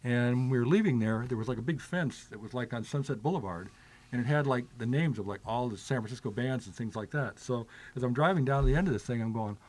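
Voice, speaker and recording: An older man reminisces at a brisk, quick clip, piling up filler words and restarting his sentences. His voice sits at an ordinary middle pitch, and the talk is loose and conversational. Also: darkish tone. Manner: rambling, many filler "like"s and restarts. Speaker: guest. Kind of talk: casual storytelling chat.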